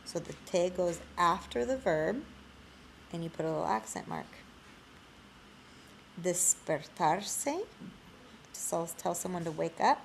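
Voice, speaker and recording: A woman teaching a Spanish lesson in a screencast, explaining slowly. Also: lowish voice, expressive, gravelly, slight background noise.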